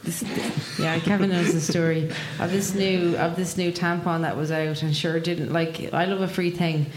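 A woman's voice: fairly low pitch, steady tone, normal speed. An Irish woman telling a rambling, swearing comic story at a live show, laughing as she goes. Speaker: comedian guest. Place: live venue with audience. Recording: echoey room, noisy live recording.

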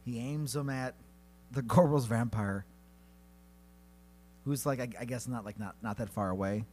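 A man co-hosting a comedy podcast, narrating a silly battle with lively delivery and sudden high-pitched character voices. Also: measured pace, faint music behind. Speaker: podcast co-host. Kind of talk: comedic storytelling banter.

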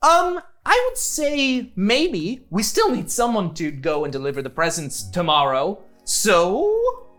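A sweet, fluttery old lady who is really a talking brain, put on by a game master. Her voice leaps up and down as she rambles and chirps, with soft music in the background. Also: sits high, huge pitch swings, takes it slowly, voice pushed up, exaggerated voice. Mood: chirpy, rambling. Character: sweet old woman, a disembodied brain calling herself Mrs. Claus.

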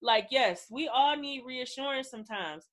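A woman's voice: sits high, animated, moderate pace, fairly bright tone. Blunt, profane woman co-host. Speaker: podcast co-host. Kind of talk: casual chat recapping reality TV.

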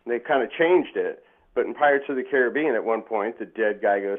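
Over a tinny, phone-like line, a podcast guest with a mid-range voice talks a little fast in casual chat. He tells rambling, profane stories, acting out quotes and swearing a lot.

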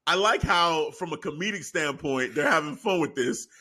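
A man co-hosting a casual chat, excitable and acting out quotes with lots of laughter. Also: on the high side, moderate pace. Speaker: wrestling podcast co-host.

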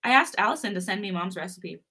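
A woman reading a fanfic, voicing a gentle young pregnant wife who talks sweetly and giggles. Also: mid-range voice, animated, fast, slightly rough, full character voice.

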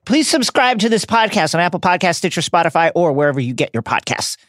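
A man's voice: high-pitched, quick pace, no echo, clean studio sound. A man co-hosting a podcast in casual banter, joking and laughing often. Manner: jokey, animated, laughs often. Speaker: podcast co-host.

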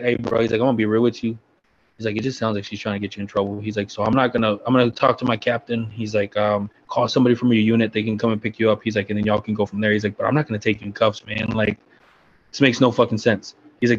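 A man's voice: fairly low pitch, flat delivery, fast talker, slightly rough. A man in casual chat telling a blunt, profane story from his army days. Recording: dull lo-fi sound.

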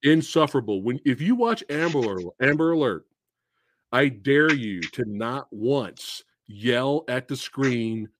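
A man's voice: medium pitch, expressive, unhurried, background noise. A man hosting a podcast, chatting casually about movies and ranting with exasperation and profanity. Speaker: podcast host.

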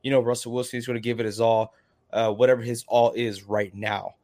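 Dude on a podcast getting all fired up, mid-pitch voice, talks a lot. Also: male voice, brisk. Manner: animated, emphatic, chatty. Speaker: podcast co-host. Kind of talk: casual fantasy football chat.

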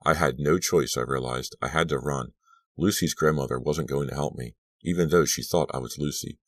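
A man reading an audiobook aloud as first-person narration, steady and measured. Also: rumbling low, dry recording. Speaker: audiobook reader.

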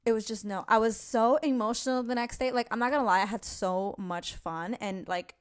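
A woman's voice: a little high, steady tone, brisk, smooth. Chatty New woman, casual swearing. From New York. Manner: chatty, swearing, many fillers and restarts. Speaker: podcast host. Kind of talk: casual chat.

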